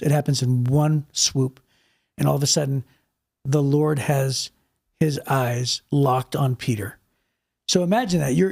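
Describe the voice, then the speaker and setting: A man's voice: a little high, creaky, darkish tone. A man co-hosting a podcast, talking through a Bible story in a vivid, casual way, often repeating words and restarting. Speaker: podcast co-host.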